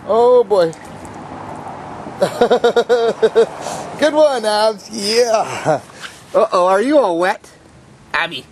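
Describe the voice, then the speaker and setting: Dad behind the camcorder outdoors, high voice, unhurried, coaxing a toddler in baby talk. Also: male voice, slightly rough. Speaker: father filming his toddler. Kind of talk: home video, talking to a small child. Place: outdoors by a puddle near a garage. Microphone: handheld camcorder.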